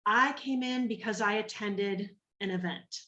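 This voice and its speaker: A woman's voice: medium pitch, unhurried, pushed and bright, roomy sound, distant mic, muffled recording. A woman from Minnesota telling her story to an online group, acting out the voices of the people she quotes. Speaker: guest speaker on a training call.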